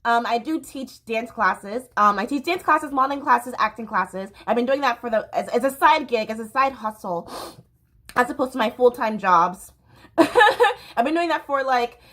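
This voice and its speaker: A woman's voice: fairly high pitch, expressive, normal speed, a bit bright. Candid woman in her thirties. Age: 30s. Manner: candid, rambling, with frequent fillers and restarts. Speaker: dance teacher. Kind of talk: personal storytelling vlog.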